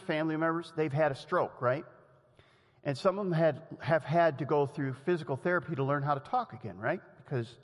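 A man preaching a sermon in a lively, conversational way, often laughing and acting out the quotes he tells. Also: fairly high pitch. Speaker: pastor. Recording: long hall reverb.

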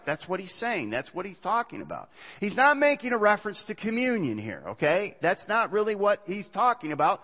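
A man's voice: high voice, sing-song, moderate pace. Man preaching in a reverberant church. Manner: earnest preaching, reads scripture aloud, small restarts. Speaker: pastor. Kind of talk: sermon. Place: church sanctuary. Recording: muffled church recording with long reverb.

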